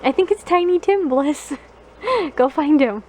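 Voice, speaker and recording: Very high-pitched woman cooing at a dog. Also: lively intonation, unhurried, a little mellow, a little hiss or hum, low-quality recording. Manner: cooing and doting. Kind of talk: baby talk to a dog. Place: bedroom at home.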